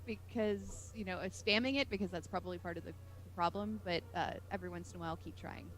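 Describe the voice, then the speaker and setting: A woman's voice: on the low side, quick pace, a bit bright. A woman co-hosting a game live stream, reading viewer questions with friendly chatty asides and updates for viewers. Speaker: stream co-host and community manager.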